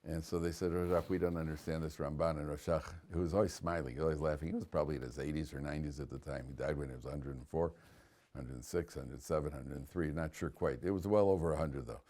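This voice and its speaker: With an extremely low, dark voice and fairly even intonation, this man talks fast as he gives a casual Torah lecture. He's a chatty storyteller who laughs at his own punchlines.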